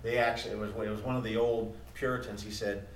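A man preaching a sermon as pastor, moving between quiet musing and loud, emphatic declarations. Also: on the low side, level tone, fast, slight background noise. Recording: echoey room heard from a distance.

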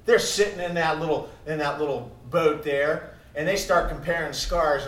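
A man preaching a sermon as pastor, moving between quiet musing and loud, emphatic declarations. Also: on the high side, a little fast, few pauses. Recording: echoey room heard from a distance.

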